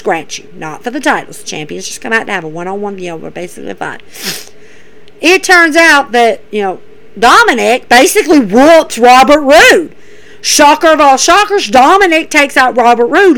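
A woman's voice: a little high, rough recording. A woman hosting a podcast, giving a chatty, repetitive play-by-play recap in a casual commentary style. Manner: chatty, repeats herself, animated play-by-play. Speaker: podcast host.

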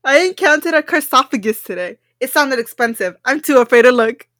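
A woman's voice: high voice, animated, fairly quick, a bit bright, dry recording, clean studio sound. A woman co-hosting a podcast in casual chat, laid-back and teasing, laughing along. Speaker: podcast co-host.

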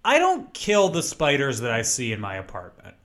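A man's voice: mid-range voice, wildly swooping pitch, normal speed, fairly bright tone. A young man co-hosting a podcast, recapping a movie in casual, sarcastic chat and laughing often. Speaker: podcast co-host.

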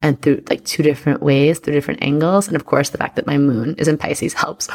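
A woman's voice: low voice, steady tone, fairly quick, hardly any pauses, darkish tone. A woman chatting casually and playfully with many fillers as an astrologer reading her business partner's chart. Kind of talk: casual chat.

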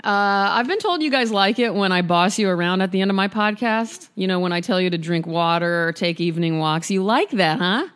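A woman hosting a casual podcast, reading poems aloud in a husky, worn voice with playful, unhurried asides between them. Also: mid-range voice, animated, fairly bright tone. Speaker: podcast host reading poetry.

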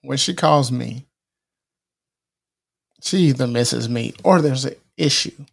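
A middle-aged podcast host gives earnest motivational advice in a casual, preachy way, often repeating himself and restarting phrases. He has a mid-range, creaky voice and speaks slowly.

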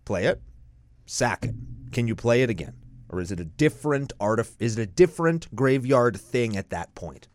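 A man co-hosting a casual card-game chat, joking and laughing with quick quips. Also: mid-range voice, lively intonation. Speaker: co-host.

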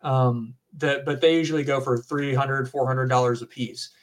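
A young man in his twenties with a Southern US accent chats casually on a podcast. He rambles, fills gaps with um, and calls people dude and man, in a mid-pitched voice. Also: steady tone, normal speed. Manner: rambling, filler-heavy, says dude and man. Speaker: podcast guest. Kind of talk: casual chat.

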